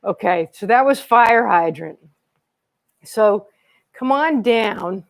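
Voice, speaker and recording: Indoors at a library, a woman wearing a microphone leads a children's yoga class, cheerful and chatty, encouraging the kids, checking in with them with frequent okays and laughing along. Her voice is fairly high and creaky, with lively intonation and a slow delivery.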